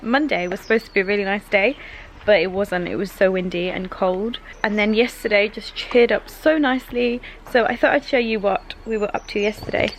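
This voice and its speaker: A woman's voice: mid-range voice, a little hiss or hum, poor audio. A young woman vlogging casually at home and in the garden, chatty and upbeat, laughing often as she talks to the camera. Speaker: vlogger and mother. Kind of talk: casual home vlog chat.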